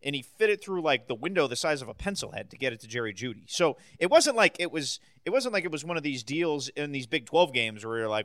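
A man's voice: fairly high pitch, expressive, fast, few pauses, fairly bright tone, dry recording. A man co-hosting a sports podcast who gives emphatic, opinionated takes in casual chat.

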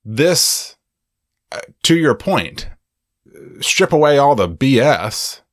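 A man co-hosting a casual film-review podcast, rambling and animated, laughing often. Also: medium pitch, takes it slowly, no room sound, clean studio sound. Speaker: podcast co-host.

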